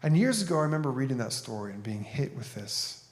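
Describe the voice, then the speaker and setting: A man addressing a conference audience in a relaxed, plain-spoken way. He talks like he is chatting with friends, moving easily into storytelling. His voice sits at an ordinary middle pitch. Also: quick pace, slight background noise. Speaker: author and speaker. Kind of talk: conference talk.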